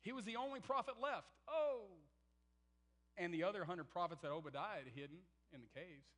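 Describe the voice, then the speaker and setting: Male pastor, fairly high voice, emphatic sermon delivery with loud and hushed swings. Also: fairly quick, low-quality recording. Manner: emphatic, swings from loud to near-whispered, acts out quotes.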